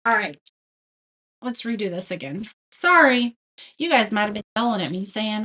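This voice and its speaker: A craft livestream host with a mid-range voice and lively intonation talks at a moderate pace, leaving long pauses. Her tone is pushed and bright as she casually reads out viewer comments and laughs at her own blunders in a self-deprecating way.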